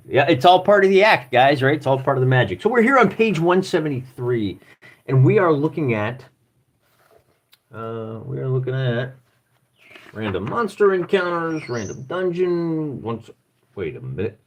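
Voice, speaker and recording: A man's voice: medium pitch, big pitch swings, normal speed. A man from Michigan with a Midwestern accent hosting a live stream, thinking aloud and joking at his own expense as he flips through a rulebook. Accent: Midwestern American. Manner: rambling, self-deprecating, thinks aloud while searching pages. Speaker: livestream host.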